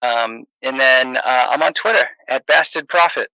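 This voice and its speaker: Earnest man with a bright voice. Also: mid-range voice, normal speed, clear, resonant tone, dry recording, poor audio. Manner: earnest, rambling with restarts. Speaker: podcast guest. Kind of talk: casual chat.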